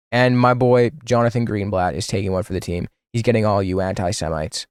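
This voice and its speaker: A man's voice: fairly low pitch, quick pace, hardly any pauses, a little mellow, clean tone, no room sound, clean studio sound. A man streaming casual political commentary, sarcastic and profane, with bursts of mock outrage. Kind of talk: casual political commentary, reacting to material on screen.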